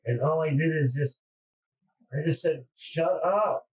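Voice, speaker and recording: A man confessing under police interrogation, halting and distressed, stammering through restarts. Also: a little high, darkish tone. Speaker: murder suspect under interrogation. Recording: distant mic in interrogation room.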